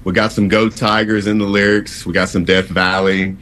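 Deep-voiced easygoing man from Louisiana. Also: flat delivery, normal speed, fairly bright tone, a little hiss or hum. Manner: easygoing, drawling, says "man" a lot. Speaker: country singer guest. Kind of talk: casual interview answers.

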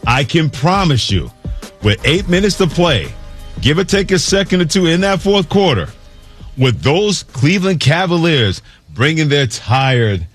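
A man's voice: fairly high pitch, sing-song, unhurried, soft background music. A man hosting sports talk radio, telling stories theatrically and delivering sarcastic critique into a studio microphone.

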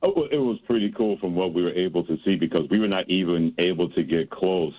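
A man's voice: low voice, quick pace, muffled recording. A man hosting a sports radio show, telling stories and teasing his co-host. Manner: teasing, storytelling.

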